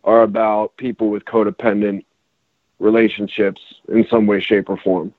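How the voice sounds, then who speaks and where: A man's voice: fairly low pitch, flat delivery, normal speed, no room sound, narrow, tinny audio. A man on a casual podcast, a rapper explaining his new song in a rambling way with many restarts. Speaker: rapper and songwriter guest.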